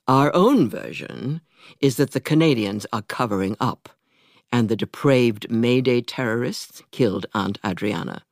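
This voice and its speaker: A woman narrates a novel in a slow, measured way. Her pitch moves widely across each sentence, and her tone stays dryly ironic. The studio sound is dry, with no room around her. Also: lively intonation, no echo. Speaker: audiobook narrator. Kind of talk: scripted narration.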